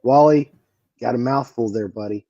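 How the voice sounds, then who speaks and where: A man's voice: medium pitch, normal speed, dark tone, muffled recording. A man co-hosting a comedy podcast, teasing the host and tripping over his words. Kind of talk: casual comedy podcast chat.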